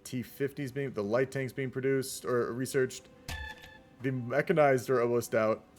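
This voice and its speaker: An unhurried American caster with a medium-pitched, darkish voice and fairly even intonation rambles casually over a strategy game replay. He talks to his chat as soft music plays underneath.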